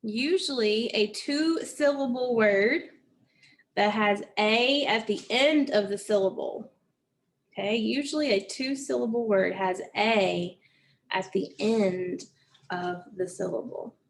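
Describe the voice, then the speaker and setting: Woman teaching phonics, repeats every word, far off mic in an echoey room with faint hiss. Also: medium pitch. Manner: slow, repeats each word several times. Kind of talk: recorded phonics lesson.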